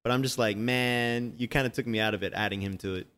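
Man, casual chat, rambling, animated, swears a lot, middle pitch. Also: fast talker, clear, resonant tone. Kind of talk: casual movie discussion.

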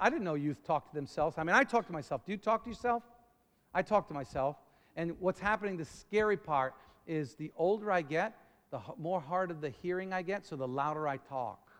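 A middle-aged man preaching a sermon, rambling and repeating words, then building up to shouting. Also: sits high, fairly quick. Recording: long reverb of a large hall.

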